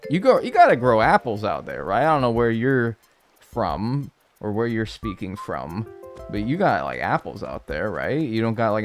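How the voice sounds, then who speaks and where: A man in his twenties, a game streamer chatting casually with live viewers in a rambling, joking way. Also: lowish voice. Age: 20s. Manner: rambling, joking, full of filler "like".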